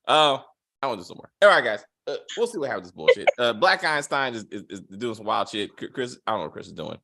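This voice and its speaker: A man hosting a casual TV review show, his voice pitched mid-range but with a lively, bouncing melody. He rambles, jokes and swears freely while riffing on theories. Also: fast, creaky. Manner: rambling, joking and profane. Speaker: show host.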